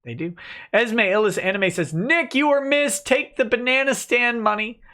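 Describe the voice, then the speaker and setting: A man hosting a casual livestream, reading out viewer comments and answering them in a relaxed, joking way, with many "uh" fillers. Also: extremely high pitch, moderate pace. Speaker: lawyer and livestream host.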